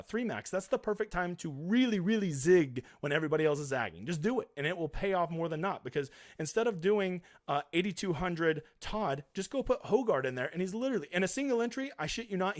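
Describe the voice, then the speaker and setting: A man's voice: a little high, dry recording, clean studio sound. A man hosting a casual live stream, reading viewer comments aloud and answering them in a chatty, blunt, emphatic way.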